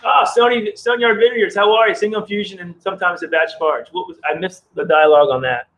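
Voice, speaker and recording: Man, casual live-stream brewer, rambling and friendly with chat, slightly high voice, outdoors on phone camera. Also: fairly even intonation, fast talker, a bit bright, dull audio. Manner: chatty, reads chat aloud, rambling. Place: outdoors in the cold.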